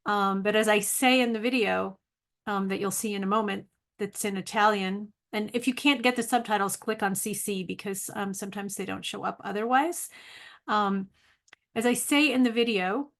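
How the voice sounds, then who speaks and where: A middle-aged woman chatting to camera in her video diary. She rambles in a friendly, self-deprecating way, filling pauses with ums, and her pitch sits in an ordinary middle range. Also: a bit bright. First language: English. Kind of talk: casual vlog monologue.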